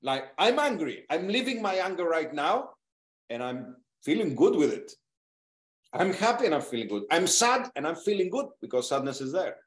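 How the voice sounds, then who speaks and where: A man's voice: fairly high pitch, very animated, moderate pace. A man leading a therapy session, speaking directly and animatedly, swearing now and then for emphasis. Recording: echoey room.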